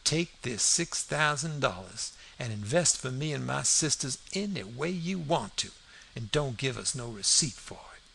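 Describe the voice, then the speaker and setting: A man's voice: medium pitch, expressive, normal speed, gravelly, bright, forceful tone, slight background noise, rough recording. A man reading the part of a proud, loyal young woman who speaks firmly. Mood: resolute.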